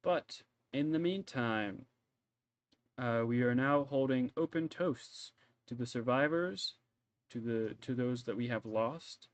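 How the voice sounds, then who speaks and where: A man's voice: mid-range voice, slow pace, lightly acted. A man doing a pompous fumbling noble lord. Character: pompous nobleman lord giving festival speech.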